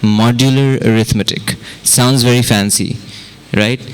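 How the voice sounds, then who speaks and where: A man's voice: medium pitch, steady tone, measured pace, a little hiss or hum. A man teaching music and counting beats aloud to an audience in a workshop, mixing in Hindi. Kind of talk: interactive workshop talk. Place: event room with audience.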